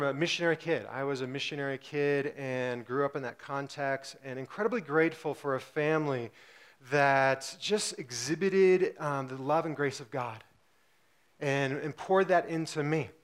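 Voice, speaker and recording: A man's voice: mid-range voice, fairly bright tone. A pastor in his forties, from Singapore, gives a casual, humorous sermon, talking chattily with frequent fillers.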